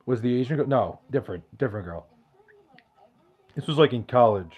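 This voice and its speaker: A man's voice: mid-range voice, lively intonation, fairly quick, darkish tone, lo-fi sound. A man hosting a podcast, reading out chat questions in loose, profane, joking banter. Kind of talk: casual chat.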